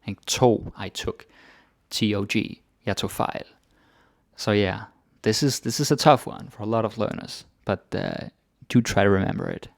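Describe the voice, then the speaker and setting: Man, low gravelly voice, dry close sound, casual chatty teaching. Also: moderate pace, no echo. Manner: relaxed, chatty, thinks aloud with fillers. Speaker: Danish language teacher. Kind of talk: casual grammar lesson.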